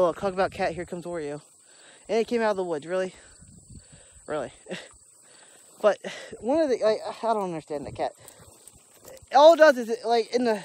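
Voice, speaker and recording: A woman's voice: on the low side, darkish tone, slight background noise. Chatty woman vlogging outdoors. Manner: rambling, chatty, talks to her dog while walking. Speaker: daily vlogger. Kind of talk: casual vlog chat. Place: outdoors in the countryside.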